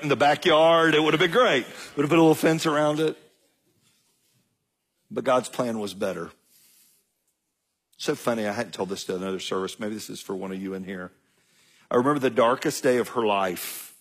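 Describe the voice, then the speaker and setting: A middle-aged man, telling a folksy story in a sermon and acting out the dialogue with big jumps in pitch. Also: breathy edge. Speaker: guest speaker.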